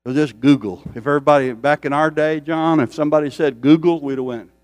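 A man's voice: a little high, quick pace, darkish tone, dry recording. An older man preaching a sermon, repeating phrases for emphasis and building intensity as he speaks. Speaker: pastor.

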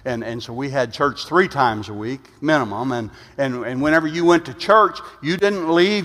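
A middle-aged man, preaching a testimony-style sermon and telling stories, often stumbling over repeated "and, and" as his voice swells loud, then drops soft. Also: on the high side, normal speed, hardly any pauses. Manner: storytelling, repetitive "and, and", shifting loud and soft. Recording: long hall reverb.

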